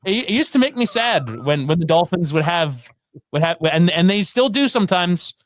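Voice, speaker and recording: A man, a guest sports broadcaster, chatting on sports radio with animated talk and quick restarts. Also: sits high, no room sound, studio quality. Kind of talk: casual sports radio chat.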